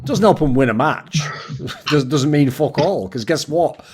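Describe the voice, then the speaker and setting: A man's voice: fairly high pitch, a little slow, slightly rough. A man hosting a casual esports round-table discussion, telling stories with boastful, swearing banter. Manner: animated storytelling with quoted voices.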